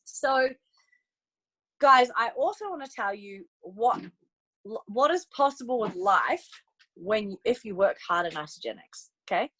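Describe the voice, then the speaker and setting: A woman's voice: mid-range voice, unhurried, rough recording. A young adult woman giving a casual, upbeat training talk to her sales team, acting out chats with prospects as she goes. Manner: bubbly and animated, acts out chats with prospects in upbeat voices. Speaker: network marketing coach on a team training call.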